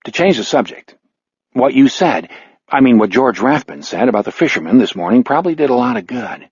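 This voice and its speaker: A man voicing a weary retired male homicide detective in an audiobook, terse and guarded, with a husky tone. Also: medium pitch, sing-song, brisk, a little mellow, dry recording, dull audio. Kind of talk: audiobook character voice.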